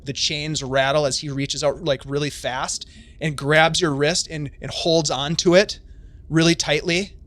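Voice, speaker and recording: Chatty game master man, fairly high voice. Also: fairly even intonation, unhurried, a bit bright, dry recording. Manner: chatty, filler-heavy narration. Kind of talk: narrating a tabletop game on a live stream.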